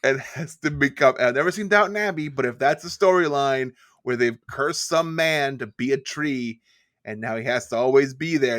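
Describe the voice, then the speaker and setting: A man co-hosting a podcast in casual chat, riffing jokes and dropping deadpan asides. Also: mid-range voice, moderate pace, dry recording, clean studio sound. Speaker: podcast co-host.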